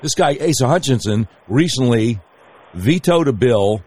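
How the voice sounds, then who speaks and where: A man's voice: mid-range voice, lively intonation, a little slow, darkish tone, slightly rough. A man who is a guest on the show, talking casually and at length, telling a story with many fillers and hesitations. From Arkansas. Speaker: guest, candidate for governor. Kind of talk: casual interview talk.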